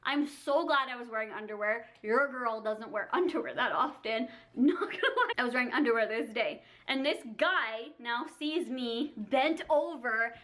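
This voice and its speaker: A young woman telling a storytime to camera, animated and gushing, with lots of "like" fillers. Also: fairly high pitch, moderate pace, hardly any pauses. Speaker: beauty vlogger.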